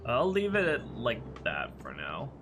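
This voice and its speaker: Over music, a congested man who mods games and streams talks through his work in a relaxed, offhand way. His mid-range voice is stuffy from his sinuses and a little slow.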